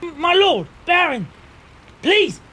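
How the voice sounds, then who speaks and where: A man voicing a pompous, blustering male knight who shouts indignantly in a high voice. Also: very animated, takes it slowly, slight background noise, heavily acted. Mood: fawning.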